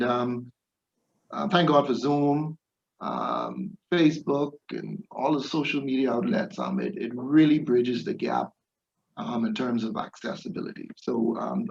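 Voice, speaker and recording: Gravelly man with a halting delivery. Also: medium pitch, sing-song, muffled recording. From Bahamas. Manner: hesitant, many fillers. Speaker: police representative. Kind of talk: panel discussion.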